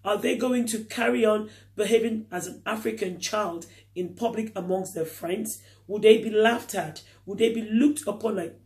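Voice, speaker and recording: A middle-aged man, talking straight to his viewers in a reflective vlog. His voice sits high, and he leans on earnest rhetorical questions. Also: moderate pace, a little mellow. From Nigeria. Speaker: vlogger. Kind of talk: reflective talk to camera.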